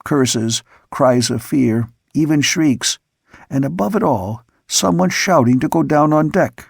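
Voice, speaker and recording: Gravelly male audiobook narrator. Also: fairly high pitch, no room sound, studio quality. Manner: measured storytelling. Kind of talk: scripted narration.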